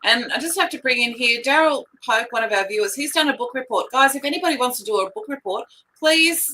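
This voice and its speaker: A woman's voice: a little high, animated, fast talker, sharp tone, a little hiss or hum, rough recording. A woman co-hosting a live news stream, talking casually in loose, rambling sentences with lots of fillers.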